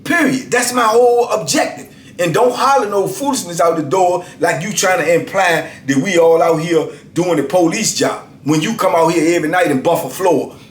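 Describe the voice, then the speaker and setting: A man's voice: high voice, moderate pace. Emphatic storytelling man in his fifties. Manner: animated, emphatic, repeats "you know what I'm saying". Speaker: storyteller host. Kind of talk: casual storytelling. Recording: roomy echo.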